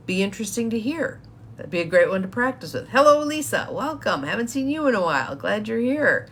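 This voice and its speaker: A woman's voice: medium pitch, big pitch swings, brisk, slight background noise. A woman coach giving a chatty live-streamed talk to viewers, laughing often as she explains. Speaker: empowerment coach.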